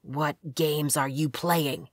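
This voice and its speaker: A man's voice: on the high side, slow, a bit bright, no room sound, studio quality. A woman voicing a brooding, guarded young man who speaks in terse, clipped lines. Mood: tense.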